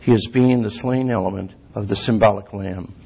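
A man giving a sermon, reading scripture slowly and clearing his throat often. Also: fairly low pitch, steady tone, warm tone. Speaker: lay preacher. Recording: dull lo-fi recording.

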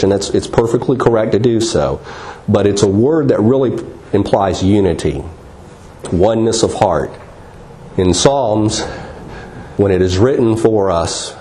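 A man's voice: lowish voice, warm tone. A man teaching a Bible class, earnest and explaining verses word by word, often asking rhetorical questions and spelling out words.

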